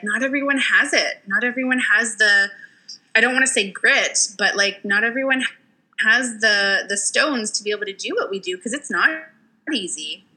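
A young adult woman hosting a casual podcast chat, animated and emphatic, laughing often. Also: medium pitch, rough recording. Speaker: podcast host, sex worker.

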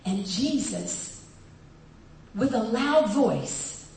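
A woman's voice: on the high side, drawn-out words, recorded from a distance, a little hiss or hum. Woman preaching in an echoey church hall. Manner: animated storytelling preacher, acts out voices, laughs often. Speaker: pastor. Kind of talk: sermon.

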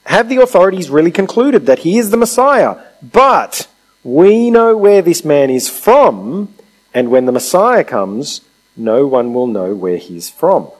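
Male preacher, fairly high voice, animated intonation, conversational sermon, rhetorical questions. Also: unhurried, low-quality recording. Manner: conversational, explains with rhetorical questions and acted-out quotes.

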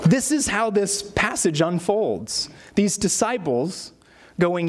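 A man's voice: high-pitched, big pitch swings, slow pace. A man, a pastor preaching a sermon and telling stories with acted-out quotes.

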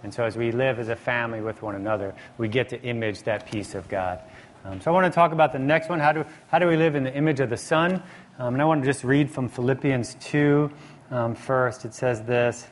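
A man with a mid-pitched voice shares a faith teaching as co-teacher. He speaks calmly and in a measured way.

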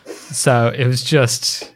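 Podcast co-host, video call, casual chat, relaxed, agreeable, mid-pitched. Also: drawn-out words.

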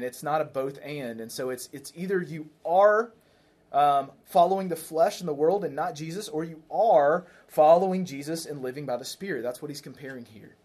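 A man's voice: a little high, a little mellow. A man preaching a sermon to a congregation in a conversational way, asking questions, repeating key phrases and checking in with listeners. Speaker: pastor. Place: church.

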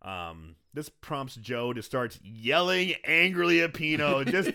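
A man's voice: mid-range voice, slow pace, gravelly, clean tone. A man co-hosting a casual podcast, recapping a film with lots of swearing and acted-out lines. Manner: animated, swears often, acts out quoted lines in bursts. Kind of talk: casual chat.

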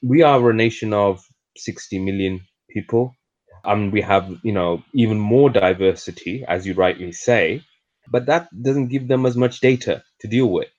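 A man's voice: on the low side, normal speed. A man with an English accent, a podcast co-host telling a story in casual, chatty conversation. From England. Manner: chatty storyteller, animated when joking. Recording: lo-fi audio.

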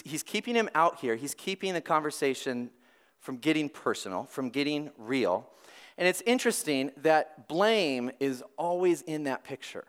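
A man preaching a weekend sermon, lively and conversational, with restarts and dramatic swings between loud and soft. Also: medium pitch. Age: adult parent. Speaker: pastor.

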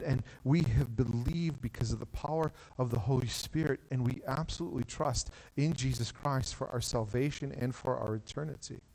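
A pastor preaching a sermon from a stage, talking in a conversational way with frequent "like" and quick restarts. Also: male voice, mid-range voice, a little mellow, in a large hall, rough recording. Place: church stage.

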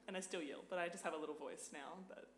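A woman's voice: low-pitched, quick pace, reverberant, a little hiss or hum. A young woman, a podcast guest, chatting casually, full of "like" and swearing freely. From Australia. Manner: animated, swears freely, lots of "like". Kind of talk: casual chat.

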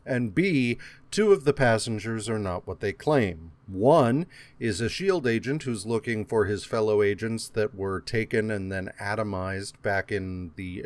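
A man's voice: fairly low pitch, no room sound. A man co-hosting a comic book podcast, reading credits and recapping plots in a dry, exasperated, profane way. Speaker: podcast co-host. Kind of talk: casual comic book discussion, reads issue credits and recaps.

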